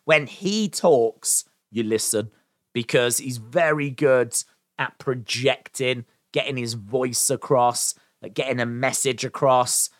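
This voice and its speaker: Male reviewer, mid-pitched, casual and enthusiastic recap delivery, lots of fillers, dry close sound. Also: fairly bright tone, no echo. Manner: chatty, with frequent "uh" and "um"; enthusiastic about the show. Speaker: wrestling show reviewer.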